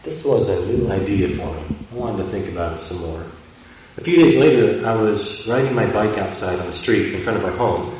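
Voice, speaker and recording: A man's voice: fairly low pitch, expressive, a little fast, a little mellow. A man teaching and reading a children's book aloud, speaking in a friendly, plain way. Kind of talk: read-aloud storytelling. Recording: echoey room from a distant mic.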